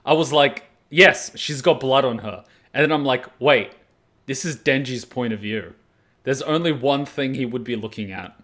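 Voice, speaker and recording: A man from Australia, hosting an anime reaction video and chatting casually with jokey, animated storytelling. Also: medium pitch, moderate pace. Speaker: anime reaction channel host.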